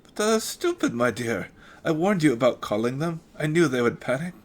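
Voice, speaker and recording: A man's voice: medium pitch, sing-song, a little fast, voice pushed up, natural voice. A man voicing a pompous, heavy male villain doctor in a put-on German accent, blustering and dismissive. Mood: smug.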